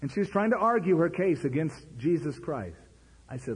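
A man preaching a sermon, his voice husky and strained. His pitch leaps up and drops back down as he talks. Everything rings with a long hall echo. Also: normal speed. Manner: animated, conversational preaching with sudden pitch jumps. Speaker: pastor.

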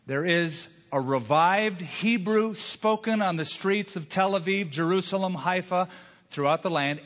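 Pastor preaching in an echoing hall. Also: male voice, on the high side, a bit bright. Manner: reads scripture aloud with emphatic pauses. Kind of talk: expository sermon. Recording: dull recording in a large reverberant hall.

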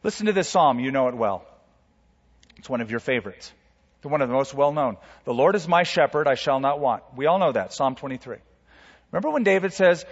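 A male pastor preaching a sermon, swinging from loud, dramatic quotes down to soft, quiet asides. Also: quick pace. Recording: reverberant hall, dull low-fidelity sound.

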